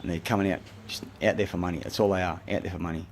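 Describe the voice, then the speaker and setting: A man's voice: low-pitched, steady tone, very fast, gravelly, a little hiss or hum. An Australian man delivering a rambling, agitated, swear-laden monologue to the camera. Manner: profane, agitated, rambling ranting. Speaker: self-recorded speaker.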